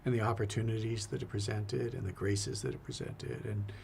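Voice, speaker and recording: A man's voice: on the low side, brisk, creaky, a little mellow, slight background noise. A man, a priest, talking earnestly and reflectively in a casual faith conversation, often repeating his words.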